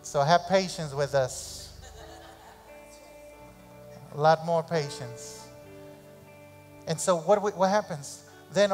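A man preaching a sermon as pastor in a church, animated and repeating phrases for emphasis, sometimes acting out parents' voices. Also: on the high side, big-room sound, soft background music. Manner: acts out parents' voices in quick asides. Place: church sanctuary.

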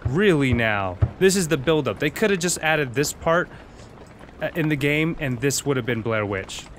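A man giving excitable, jokey let's-play commentary as a gaming streamer. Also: a little high, moderate pace, slight background noise.

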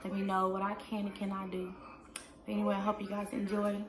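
Seorang wanita berusia dua puluhan menjawab pertanyaan penonton dengan santai di rumah, sering memakai "like" dan "um". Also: female voice, medium pitch, monotone, fairly quick, a crowd in the background. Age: 20s. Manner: chatty, fills with "like" and "um". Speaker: vlogger. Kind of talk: casual Q&A vlog. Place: indoors at home.

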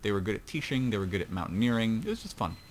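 Racing along in a sing-song, fairly low voice, a man calls an online match from his home computer as an esports shoutcaster. The play-by-play is casual, chatty and rambling, full of self-mocking asides, and a little hiss or hum sits under the recording.

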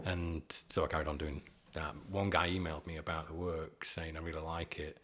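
A man's voice: very deep voice, level tone, moderate pace, fairly bright tone. A man in his forties, a podcast guest telling stories in a rambling, self-deprecating way with frequent chuckles. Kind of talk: casual storytelling chat.

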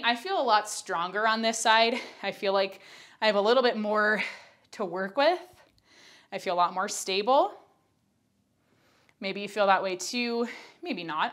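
A young woman leads a Pilates class while she does the exercises herself, and she is audibly out of breath. She talks in a chatty, candid way between counts and cues. Her voice sits at an ordinary middle pitch. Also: fairly bright tone. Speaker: Pilates instructor. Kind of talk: workout instruction.

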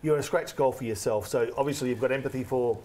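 An Australian man co-hosting a sports show in the studio, asking rambling, halting questions. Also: medium pitch, warm tone. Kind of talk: studio interview.

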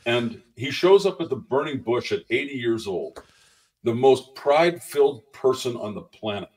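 A man speaking as a guest minister, telling lively testimony stories and acting out the voices of the people in them. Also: mid-range voice, normal speed, far from the mic, low-quality recording. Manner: animated storyteller who acts out the voices in his anecdotes. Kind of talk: conversational testimony storytelling.

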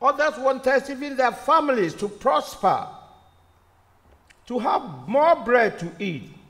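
High-voiced, slow preacher in a reverberant church. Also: male voice, very animated, a bit bright. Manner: repetitive, with rhetorical questions. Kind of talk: sermon. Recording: long reverb of a church hall.

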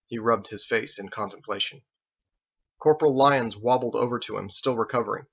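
A man reading his own novel aloud in measured audiobook narration, in a dull lo-fi recording. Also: mid-range voice, creaky, fairly bright tone, breathy edge. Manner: measured storytelling.

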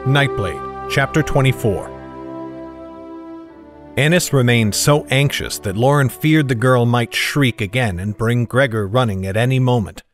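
A man narrating a fantasy audiobook chapter in a measured, even storytelling manner. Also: mid-range voice, over music.

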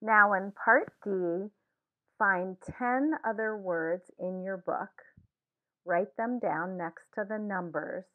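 Woman teacher talking super slow and careful, repeats every word, sounds thin like over a phone. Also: mid-range voice, phone-quality sound. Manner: slow, deliberate, repeats each word twice. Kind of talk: slow scripted language lesson.

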